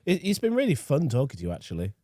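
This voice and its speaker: Male co-host, animated and jokey, dry close mic. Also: fairly high pitch, racing, no echo. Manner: jokey, swears freely, lively. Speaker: podcast co-host. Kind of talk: casual podcast chat.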